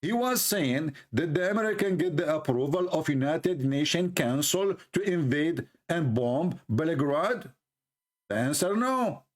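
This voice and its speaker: A man comments mockingly on a clip, needling and repeating his point in halting English. His voice sits a little higher than most men's. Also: lively intonation. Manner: sarcastic, repetitive, in halting English.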